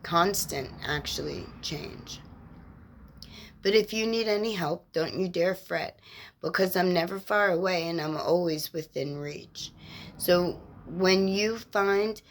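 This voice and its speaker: A woman speaking as a spiritual mentor in an inspirational monologue, gentle and reassuring, with measured, drawn-out phrasing. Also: lowish voice, a little hiss or hum. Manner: slow, measured, drawn-out phrasing with lists of words.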